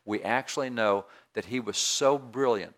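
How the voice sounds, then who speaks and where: A man's voice: mid-range voice, normal speed, a bit bright. A man preaching a sermon in a folksy, down-home way, repeating phrases for emphasis. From rural area.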